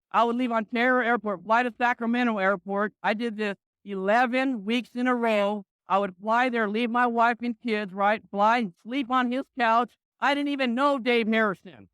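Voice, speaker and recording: Older guy with a really high smooth voice, blunt motivational talk, dry close sound. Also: bright, forceful tone, dry recording. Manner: blunt, punchy, peppers lines with "right?". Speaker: business leader giving a motivational talk.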